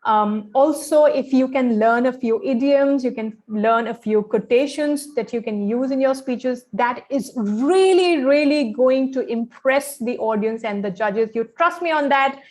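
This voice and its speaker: Woman, pageant coach, slightly high voice, instructive, friendly, lots of "okay" and "um". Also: a little slow, few pauses, darkish tone. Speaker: pageant fashion and grooming coach. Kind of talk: training session talk.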